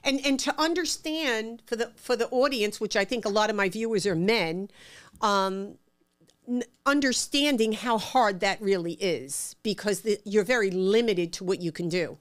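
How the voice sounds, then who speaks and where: A middle-aged woman with a New York accent, telling stories from her life in a casual, animated way and acting out the voices in them. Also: medium pitch, moderate pace. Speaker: interview guest. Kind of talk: casual storytelling.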